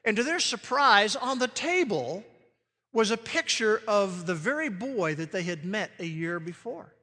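A man preaching a sermon, swinging from loud declarations to hushed, emphatic words. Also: sits high, lively intonation, measured pace, long reverb tail.

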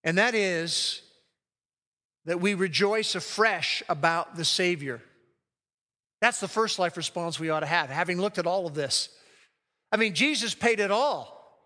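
A man preaching a sermon as a pastor, emphatic and slowing down to read scripture aloud. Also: sits high, animated, pushed and bright. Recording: long hall reverb.

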